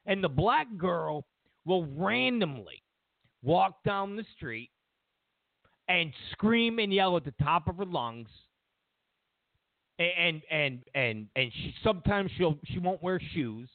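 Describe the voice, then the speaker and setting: A man's voice: high-pitched, slow pace, vocal fry, no room sound. A man hosting a talk show, ranting in a profane, mocking way. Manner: profane, mocking, animated rants. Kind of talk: ranting commentary. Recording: dry tinny phone-like sound.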